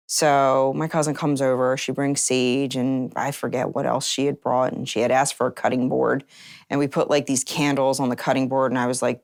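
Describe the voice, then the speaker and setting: Woman w/ a really low voice telling her story in an interview, earnest, acts out what people said. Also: steady tone, normal speed, no echo, studio quality. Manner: earnest, acts out remembered conversations. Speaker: interview guest.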